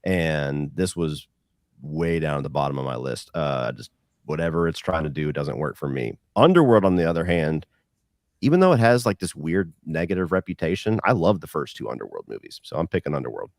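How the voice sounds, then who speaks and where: A man in his thirties with a very deep voice tells relaxed, wry stories in casual chat. The sound is dry and close, with no room echo. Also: fairly quick. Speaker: podcast guest.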